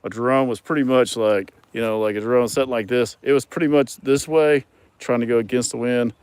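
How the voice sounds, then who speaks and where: A man's voice: medium pitch, fairly even intonation, fairly quick, darkish tone, smooth, dry recording. A man hosting a casual livestream, reading viewer comments and talking in a rambling way with many ums and some dry sarcasm. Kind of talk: casual chat.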